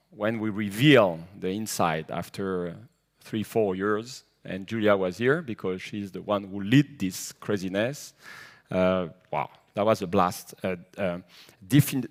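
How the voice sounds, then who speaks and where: Slow, halting man giving an event speech. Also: on the low side. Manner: halting, repeats words, grows loud and excited.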